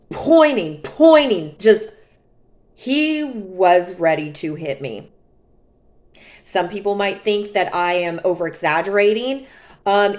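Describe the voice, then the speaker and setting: Slow, deliberate woman telling a story. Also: medium pitch. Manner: calm, emphatic, dramatic retelling. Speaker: vlogger. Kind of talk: storytime monologue.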